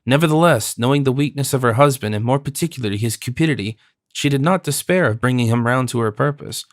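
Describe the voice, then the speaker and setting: A man reads a classic novel as an audiobook, his narration measured and even. His voice is mid-range, and the studio-quality recording has no echo.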